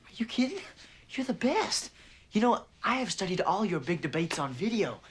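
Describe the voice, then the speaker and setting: A man's voice: sits high, big pitch swings, moderate pace, low-quality recording. A stammering young college debater, eager and self-deprecating in a film. He trips over his words and keeps putting himself down in front of his idol. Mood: bashful. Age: young adult. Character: eager young male debater, bashful country boy.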